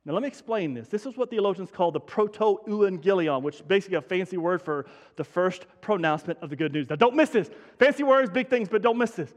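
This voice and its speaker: A man delivering a lively sermon in a high voice, leaning on repeated phrases and talking straight to his congregation. His voice rings out with a long reverb from a large church sanctuary. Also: fairly quick. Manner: energetic, conversational preaching with emphatic repetition. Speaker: pastor.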